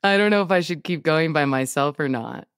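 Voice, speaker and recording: A woman co-hosting a podcast, giving animated business coaching in a casual chat over a remote call, laughing often. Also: deep voice, brisk, smooth, no room sound, studio quality. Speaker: podcast co-host.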